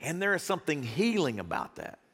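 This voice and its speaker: A middle-aged man preaching a folksy, lively sermon to a congregation and acting out the voices he quotes. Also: a little high, a little fast, husky. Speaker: pastor. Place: church hall. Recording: reverberant hall.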